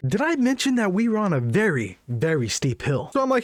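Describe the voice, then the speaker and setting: A young man in his late teens or twenties, telling a jokey story for his vlog with sudden high squeaks of excitement. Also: fast talker, few pauses, no room sound, clean studio sound. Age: young adult. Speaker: vlogger.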